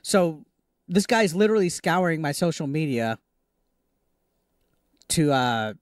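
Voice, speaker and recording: A man's voice: fairly high pitch, sing-song, measured pace, no echo, studio quality. A man who makes gaming videos, defending himself point by point in an argumentative tone.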